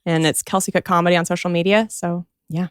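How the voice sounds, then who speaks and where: Low-voiced woman comedian guest. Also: steady tone, clear, resonant tone, no echo, clean studio sound. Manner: agreeable, lots of quick affirmations. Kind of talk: casual chat.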